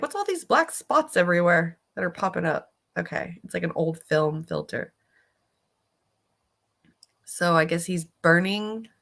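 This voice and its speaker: Woman streamer, casual reaction chat, slow delivery, lowish pitch, sympathetic and foul-mouthed. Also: a bit bright. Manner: chatty and sympathetic, swears freely.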